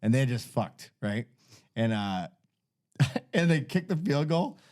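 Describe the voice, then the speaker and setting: A man's voice: medium pitch, sing-song, slow pace, darkish tone. A man, hosting a podcast and telling a long, profane, rambling story in casual chat. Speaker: podcast host.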